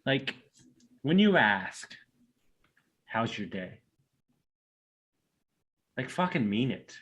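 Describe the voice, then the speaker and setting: A man's voice: mid-range voice, sing-song, extremely slow, fairly bright tone. A man hosting a podcast, talking bluntly and emphatically and swearing casually. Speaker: podcast host. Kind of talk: casual interview chat.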